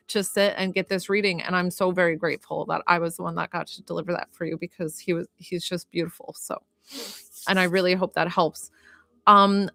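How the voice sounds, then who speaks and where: With no echo, a young Georgia woman speaks in a medium-pitched, fairly bright voice while livestreaming from her phone as a psychic medium. She gushes, reassures, and rambles through casual chat and readings, leaning on fillers.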